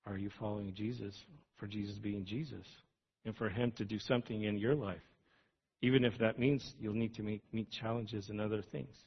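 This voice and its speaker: A man preaching a sermon in an earnest, reflective way, pausing and restarting as he talks. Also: on the low side, fairly even intonation, vocal fry, breathy edge. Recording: dull lo-fi sound.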